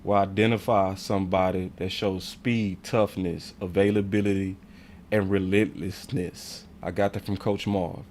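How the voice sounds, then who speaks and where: A man's voice: sits low, flat delivery, normal speed, a little mellow, slight background noise. A man hosting a casual sports fan livestream, talking in slang and often getting heated and ranting. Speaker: sports channel host.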